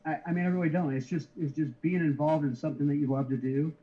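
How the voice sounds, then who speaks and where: A middle-aged man who works as a card shipper tells his story as an interview guest, speaking casually and halting often, with many restarts and easygoing chuckles. His voice is fairly high, steady, and mellow, and the lo-fi audio sounds slightly dull.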